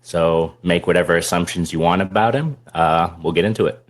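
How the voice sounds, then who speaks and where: A man's voice: deep voice, fairly quick. A man, a guest player in a tabletop game, introducing himself with wry, profane jokes. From Massachusetts. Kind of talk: casual chat.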